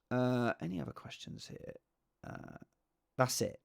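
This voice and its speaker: A man's voice: mid-range voice, expressive, a little slow, vocal fry, smooth, dry recording, clean studio sound. A man chatting casually on his own as a fantasy football vlogger, rambling with restarts and asides. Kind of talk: casual solo chat.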